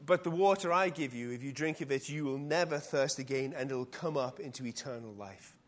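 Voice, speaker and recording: A male preacher voicing a calm, authoritative teacher, speaking low, slow and hushed in a sermon retelling. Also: natural voice. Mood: gentle. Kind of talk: sermon storytelling with acted quotes.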